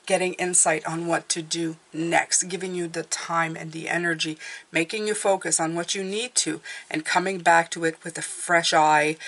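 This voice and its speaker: A woman with a somewhat low speaking voice gives a relaxed tarot reading straight to her viewers. She talks in an encouraging, reassuring way and keeps checking in with a quick "okay?". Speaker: tarot reader.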